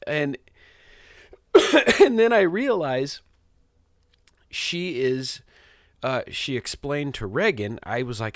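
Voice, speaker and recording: A man's voice: medium pitch, big pitch swings, slow pace, a bit bright, no room sound, clean studio sound. A middle-aged man hosting his podcast, telling a story in a rambling, self-amused casual monologue. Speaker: podcast host. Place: small home studio.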